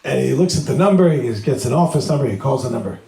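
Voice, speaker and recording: A male rabbi telling a humorous story to a live audience, acting out the dialogue with lively energy. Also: medium pitch, fast talker, gravelly. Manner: animated, humorous, acts out dialogue. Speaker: rabbi, speaker. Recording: echoey room.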